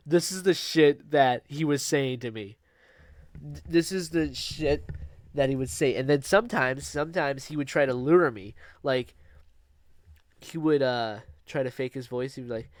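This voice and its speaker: A man's voice: mid-range voice, moderate pace, no echo. Keep it loose and rambling, a young man telling his own story in a dry, close room. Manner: rambling, with fillers and restarts, laughing at himself. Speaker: vlogger. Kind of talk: casual storytelling.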